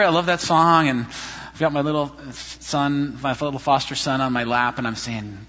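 Animated man preaching in a reverberant hall. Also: mid-range voice, moderate pace. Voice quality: animated, self-deprecating storyteller. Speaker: pastor. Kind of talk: sermon with personal stories. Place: church sanctuary. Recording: reverberant hall, slightly dull sound.

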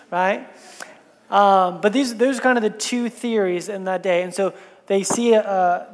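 A woman pastor giving a sermon, telling the story in a relaxed, conversational way with casual asides. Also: lowish voice. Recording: long reverb in a large hall.

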